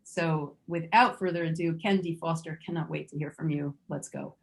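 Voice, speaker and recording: A woman's voice: sits low, steady tone, normal speed, gravelly. A woman hosting an online summit, introducing her guest with enthusiasm over a video call. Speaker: summit host.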